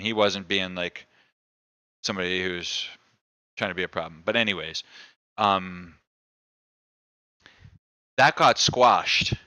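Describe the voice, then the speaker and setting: A man's voice: lowish voice, pushed and bright, clear, resonant tone, no room sound. A man hosting a live stream, telling a bar story in loose, profane, casual chat. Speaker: streamer host.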